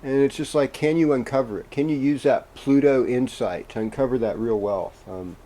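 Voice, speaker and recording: A man reading horoscopes as the host, in a casual, meandering way with gentle pauses and fillers. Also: medium pitch. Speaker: astrologer host.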